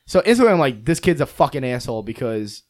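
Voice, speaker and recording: A young man spins a long, wandering story on a casual podcast, swearing freely and cutting in on his co-hosts. His voice sits at an everyday middle pitch. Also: big pitch swings, fast, a little mellow. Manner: rambling, profane, talks over others. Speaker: podcast co-host.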